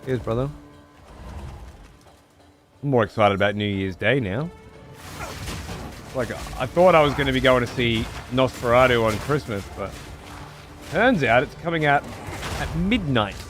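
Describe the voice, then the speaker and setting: Man, gaming streamer, casual chat, lots of swearing, lively up-and-down pitch, faint music behind. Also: measured pace, long pauses. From United Kingdom. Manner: swears freely, excitable outbursts. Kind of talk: casual gameplay livestream chat.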